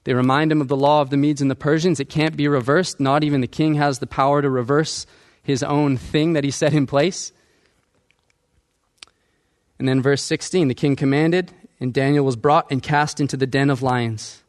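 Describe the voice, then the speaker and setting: A man's voice: fairly high pitch, fairly even intonation, normal speed. A male pastor preaching a sermon, asking the congregation questions and acting out quoted lines.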